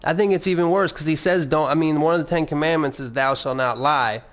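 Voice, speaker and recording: A man's voice: fairly high pitch, a little fast. A man hosting a casual solo podcast, rambling and swearing as he mocks himself. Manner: rambling, profane, self-mocking. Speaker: podcast host.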